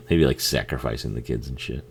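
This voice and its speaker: A man with an extremely deep, gravelly voice talks along with a movie he is watching. He swears freely, laughs and cracks crude jokes at the screen. A faint hum sits under the recording. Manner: profane, laughing, jokey, talks back to the screen. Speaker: film commentary host. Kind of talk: casual movie commentary.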